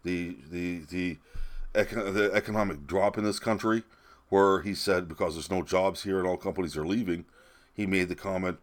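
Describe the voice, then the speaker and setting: A man's voice: low voice, fairly even intonation, moderate pace. A middle-aged man ranting sarcastically into a webcam, mocking and rambling with restarts. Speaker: political commentator.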